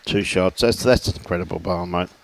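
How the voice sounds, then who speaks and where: A man's voice: low-pitched, brisk, gravelly. A man commentating live lawn bowls, chatty and jokey, reeling off scores and bantering with his co-host. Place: bowls club.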